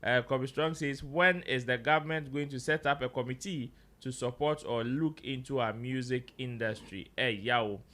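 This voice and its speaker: A man's voice: medium pitch, normal speed, hardly any pauses, a bit bright. A Ghanaian man hosting a casual panel chat, mixing English and Twi and reading out viewer comments. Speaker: show host.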